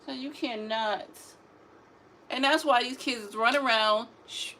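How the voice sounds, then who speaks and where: A woman, telling parenting stories in a sassy, animated way, like a casual talk to camera. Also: on the high side, slow pace, slight background noise. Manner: sassy, animated storytelling, drawling asides. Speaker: mother vlogging about parenting.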